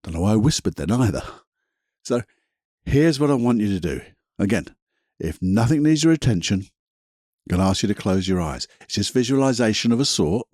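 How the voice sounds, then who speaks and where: Male coach, low husky voice, dry close sound, gentle guided-visualization delivery. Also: dry recording. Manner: calm, soothing, slows into gentle guidance. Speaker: podcast host and anxiety coach.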